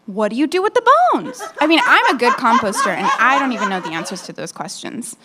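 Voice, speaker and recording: A woman's voice: a little high, very animated, fast, few pauses, heavy background noise. A woman performing a stand-up comedy set on a nightclub stage into a handheld mic, with a brash, frank, conversational delivery.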